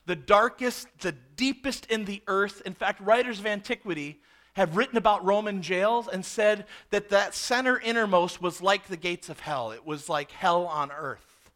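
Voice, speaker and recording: A man preaching a sermon, expressive, swinging from loud emphasis to hushed low words. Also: normal speed. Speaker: pastor.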